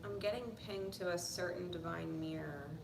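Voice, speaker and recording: A woman's voice: lowish voice, moderate pace, vocal fry, distant mic. Blunt, profane woman tarot reader. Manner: blunt and profane, swings to animated outbursts. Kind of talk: casual tarot reading. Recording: echoey room with noise.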